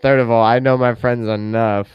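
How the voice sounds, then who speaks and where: A man's voice: medium pitch, fairly even intonation, normal speed, clear, resonant tone, dry recording, lo-fi sound. A young man co-hosting a casual podcast chat, telling loose stories and acting out what people said in a raised voice. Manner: loose storyteller who acts out quoted lines in a raised voice. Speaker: podcast co-host.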